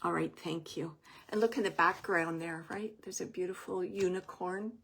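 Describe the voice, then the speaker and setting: A woman reading oracle cards as a medium, speaking gently and reassuringly, thinking aloud with many fillers and pauses. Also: lowish voice, steady tone, vocal fry, breathy edge. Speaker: oracle card reader and medium. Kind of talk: intuitive card reading for a viewer.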